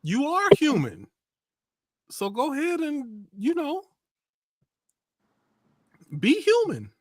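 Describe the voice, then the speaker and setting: A panel guest in a casual chat, animated and agreeing. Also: high-pitched, slow pace, dry recording.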